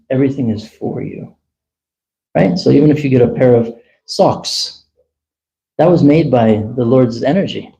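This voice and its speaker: A man telling a long personal story at a temple gathering, chatty and animated, acting out the dialogue. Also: mid-range voice, gravelly, lo-fi sound. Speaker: temple speaker. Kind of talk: casual storytelling talk.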